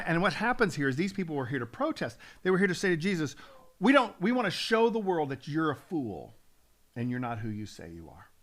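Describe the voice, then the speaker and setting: A man's voice: fairly high pitch, fairly bright tone. A man, a pastor, teaching from the Bible on a talk show, earnest and building up steam, often restarting his sentences.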